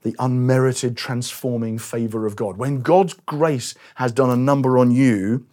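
A middle-aged pastor delivers a sermon in a medium-pitched voice, speaking a little slowly. He animates his stories by acting out quotes and occasionally falls to a quiet voice.

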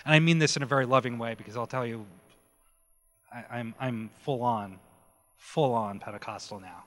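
A man preaching his personal testimony, telling the story with animated energy and acting out quoted dialogue. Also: medium pitch, moderate pace. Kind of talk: testimony sermon. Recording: long hall reverb.

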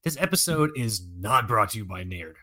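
A man's voice: on the low side, moderate pace. Joking, profane man in podcast banter. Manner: animated, joking, profane, laughs easily. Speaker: podcast co-host. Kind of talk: casual chat.

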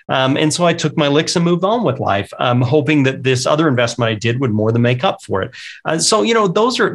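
A middle-aged man, a real estate investor, candidly telling stories of his own mistakes in an interview, often acting out what he said. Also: fairly high pitch. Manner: candid, anecdotal, quotes himself often. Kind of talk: conversational interview storytelling.

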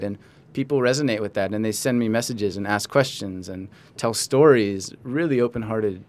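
A young man, a writer and coach, talking earnestly and reflectively as a podcast guest. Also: on the low side. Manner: earnest, reflective, says "like" often. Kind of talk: casual interview chat.

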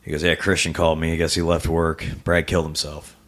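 Guesting on a podcast in a living room, a comedian from Rock Island in the American Midwest talks casually about his life in a very deep, low voice that's a bit bright, with completely flat delivery. He swears often and speaks haltingly, with stammered restarts.

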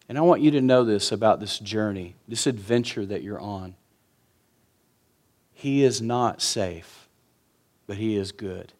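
A man's voice: on the low side, a little slow, long pauses, a little mellow. A man, preaching a sermon in an earnest, conversational way with emphatic repetition. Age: 50s. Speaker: pastor.

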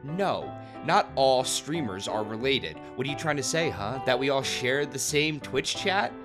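A man joins a casual chat as a streamer guest. He speaks slowly and lets his pitch rise and fall widely, stretching out mock-offended lines. He laughs often and teases the others. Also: animated, music in the background. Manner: drawn-out mock outrage and teasing, laughs easily.

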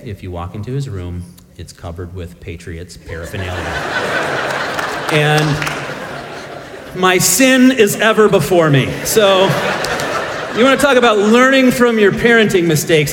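A man's voice: fairly high pitch, big pitch swings, unhurried, long pauses, big-room sound, noisy background. A middle-aged man preaching a sermon as pastor, telling self-deprecating stories with humor.

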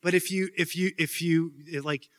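Man, fairly high bright voice, casual Q&A talk, rambling with fillers, joking, long hall reverb. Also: steady tone, moderate pace. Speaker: speaker answering student questions.

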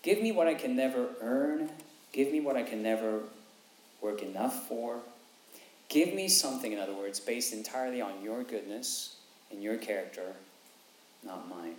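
Male preacher, 30s to 40s, mid pitch, animated and repetitive, echoey room. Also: moderate pace, a little hiss or hum. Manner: animated, repeats phrases for emphasis, acts out quotes. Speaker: pastor. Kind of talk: sermon. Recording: echoey room, faint ambience.

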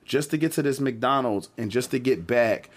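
Animated man telling a story. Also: medium pitch, moderate pace. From Philadelphia. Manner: animated, jumps into quoted voices, frequent restarts. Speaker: podcast co-host. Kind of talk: casual storytelling among friends.

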